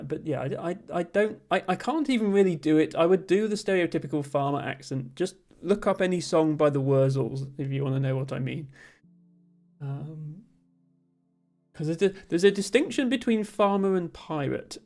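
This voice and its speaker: A woman's voice: deep voice, warm tone. A woman from Somerset with a generic, slightly posh southern English accent, chatting casually on a stream while solving puzzles and thinking aloud. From Somerset, southwest England. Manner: rambling, thinks aloud, reads chat aloud.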